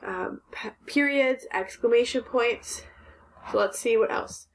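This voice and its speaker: A woman with a fairly high voice teaches young children a lesson on phonics and punctuation. She speaks slowly and clearly, asks questions, and praises their answers.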